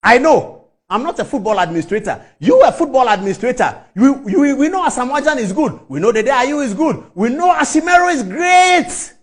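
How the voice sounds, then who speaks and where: A man's voice: very high voice, expressive, a little fast, breathy edge. A middle-aged man with a Ghanaian English accent gives a fiery, rhetorical speech about football, repeating phrases for emphasis. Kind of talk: impassioned public speech.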